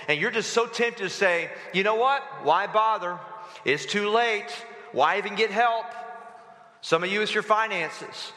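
Man, pastor, dramatic sermon, bright tense tone, echoey hall reverb. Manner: dramatic, swings between loud urging and hushed low delivery.

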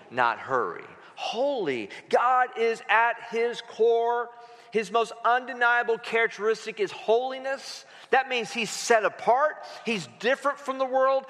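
A man's voice: sits high, a bit bright. A man preaching a sermon as pastor of a church congregation, chatty and playful, drawing the congregation into call-and-response. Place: church sanctuary. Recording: hall reverb.

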